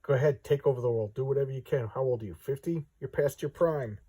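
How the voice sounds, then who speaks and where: A man's voice: mid-range voice, fast talker, dark tone, breathy edge, lightly acted. A man reading as a defiant old hero. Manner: taunting, lecturing. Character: defiant old man superhero, calm and taunting.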